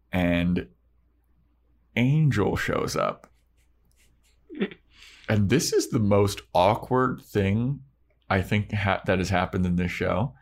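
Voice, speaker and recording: A man co-hosting a podcast, recapping a TV episode in casual chat and acting out the characters' lines with energy. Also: deep voice. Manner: animated, acts out character lines in bursts. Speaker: podcast co-host.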